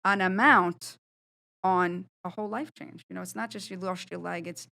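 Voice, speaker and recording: A woman's voice: on the low side, fairly even intonation, moderate pace, creaky, sharp tone. A woman, a guest on a studio podcast, speaking bluntly and animatedly about her own experiences, swearing casually. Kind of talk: candid conversational storytelling.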